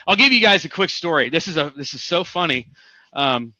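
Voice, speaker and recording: A man from Missouri giving a motivational real estate coaching talk, energetic and emphatic, repeating phrases for punch. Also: a little high, fairly quick, no room sound, lo-fi sound.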